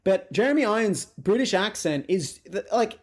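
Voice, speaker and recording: A man with a fairly high voice co-hosts a casual movie podcast. He talks bluntly and swears freely, getting animated when he mocks a performance. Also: moderate pace. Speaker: podcast co-host. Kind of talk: casual movie review chat.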